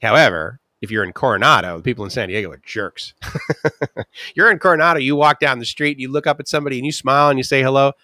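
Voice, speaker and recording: Chatty middle-aged male streamer; bright tone, dry close mic. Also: mid-range voice, no room sound. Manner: chatty storyteller, quick asides and laughs, acts out voices. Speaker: live stream host. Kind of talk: casual rambling chat. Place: ocean-view bungalow.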